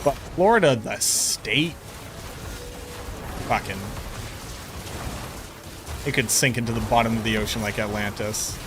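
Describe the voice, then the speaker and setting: A man's voice: medium pitch, a little slow, long pauses, background noise. A man streaming a game, chatting casually with viewers and riffing on their comments with jokes and swearing. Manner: joking, profane, riffs on chat comments.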